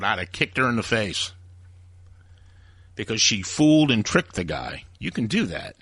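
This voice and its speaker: A man's voice: medium pitch, sharp tone, no room sound, studio quality. A man hosting a talk radio show, delivering a heated, opinionated rant. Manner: ranting, heated, acts out quoted voices.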